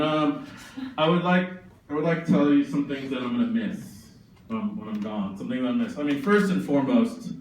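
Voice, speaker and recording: A man's voice: mid-range voice, a little mellow, slight background noise. A man in his twenties from suburban Massachusetts doing a profane, sardonic, rambling stand-up set. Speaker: stand-up comedian. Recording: very echoey room, distant mic, faint ambience.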